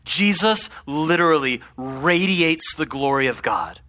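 A man's voice: on the high side, normal speed. A man preaching a conversational sermon, often checking in with his congregation by asking "right?". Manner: conversational, animated, asks the audience "right?". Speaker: pastor.

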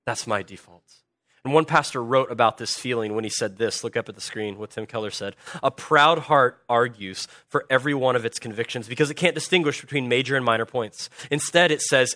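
A man preaching a sermon as a pastor, swinging from hushed earnest lines to loud animated bursts. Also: medium pitch, fairly quick, no echo, studio quality.

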